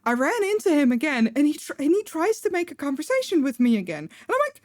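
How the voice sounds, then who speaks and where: Young woman streamer, higher voice, dry close sound, casual rambling anecdote, filler-heavy. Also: sing-song, quick pace, a little mellow, dry recording. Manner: chatty, filler-heavy, laughs between lines. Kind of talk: casual storytelling on a live stream.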